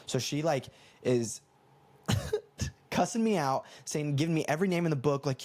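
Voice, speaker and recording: A man's voice: on the high side, normal speed, long pauses. Young man rambling through a funny story. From United States. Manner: rambling, animated, self-correcting storyteller. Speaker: comedy podcast host. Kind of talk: casual storytelling monologue.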